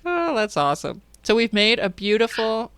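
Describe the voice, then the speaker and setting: Smooth-voiced woman hosting a podcast. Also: on the high side, very animated, a bit bright, dry recording. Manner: curious, chatty, quick to laugh. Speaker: podcast host. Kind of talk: casual podcast chat.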